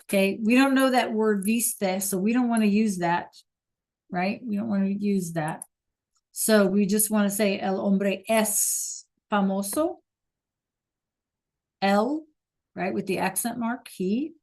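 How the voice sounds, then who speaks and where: A woman teaches a beginner Spanish class in a medium-pitched, steady, darkish voice at normal speed. Encouraging throughout, she praises students by name, repeating praise and checking that they follow along.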